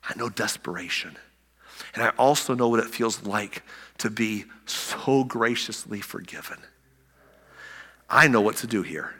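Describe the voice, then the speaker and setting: Bright-voiced preacher in an echoey hall. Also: male voice, medium pitch. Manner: animated, acts out scripture, conversational asides. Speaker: pastor. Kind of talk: sermon.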